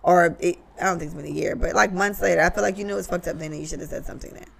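A woman's voice: on the low side, steady tone, rapid-fire, gravelly. A woman co-hosting a casual podcast, talking bluntly and profanely and giving strong opinions. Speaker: podcast co-host.

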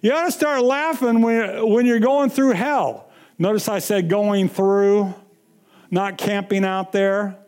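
A middle-aged man preaching a sermon, telling a personal story with sudden swings from loud to hushed. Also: sits high, fairly even intonation, slow pace. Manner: breaks into sung lines and laughter.

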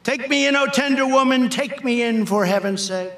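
A man's voice: very high-pitched, moderate pace, a bit bright, reverberant, voice pushed up. A man voicing a vicious, sly male snake in a recited poem, pleading in a sing-song way and then sneering.

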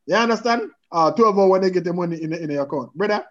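Podcast guest, man, lively and earnest with patois, higher-pitched voice, muffled lo-fi audio. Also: fast. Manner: animated, repeatedly checks in with the listener, mixes in patois. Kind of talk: casual chat. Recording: dull lo-fi sound.

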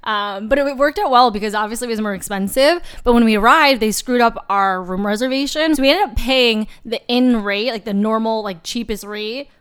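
A woman's voice: a little high, a little fast, hardly any pauses, a bit bright, clean tone. A young woman co-hosting a podcast, telling stories in casual chat with lots of fillers and emotion. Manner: chatty, emotional storytelling with many fillers. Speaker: podcast co-host.

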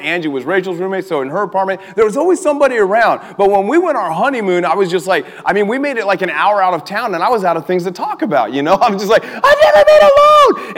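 Energetic young male preacher in a reverberant hall. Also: high voice. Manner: animated, calls for crowd responses, laughs often. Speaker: youth pastor. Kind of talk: energetic sermon. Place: church hall with a live audience.

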